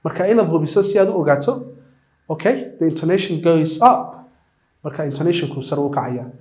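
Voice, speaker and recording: A man with a Somali accent teaching an online English lesson, explaining in Somali and reading English example sentences slowly and clearly. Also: fairly high pitch, expressive, a little mellow.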